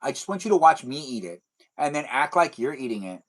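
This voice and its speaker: A young man streams casually from home with a TV on behind him, rambling as he reads chat comments and replies out loud. His medium-pitched, fairly bright voice is brisk and swings widely in pitch.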